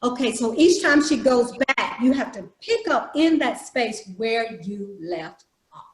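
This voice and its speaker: Woman, fairly high voice, patient workshop leader, video call, roomy echo. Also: expressive, unhurried. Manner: explains patiently, breaks into acted demonstrations. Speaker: troop program leader. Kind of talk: leading an online youth workshop.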